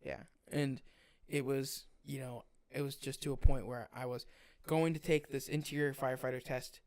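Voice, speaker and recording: A man's voice: mid-range voice, little pitch movement, moderate pace, darkish tone. A young man co-hosting a casual podcast, talking bluntly, swearing freely and using many fillers. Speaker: podcast co-host, firefighter.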